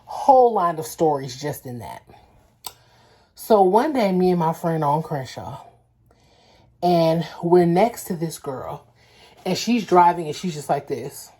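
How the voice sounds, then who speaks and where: Husky, mellow-voiced young woman vlogger. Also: lowish voice, unhurried, pauses often. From Los Angeles. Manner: animated, slangy storytelling with acted-out quotes. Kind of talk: casual storytelling vlog.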